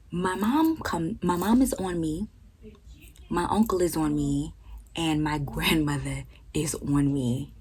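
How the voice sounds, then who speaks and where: Brief: young woman vlogger, low husky voice, animated, profane storytime with whispered emphasis. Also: takes it slowly, poor audio. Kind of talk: storytime vlog.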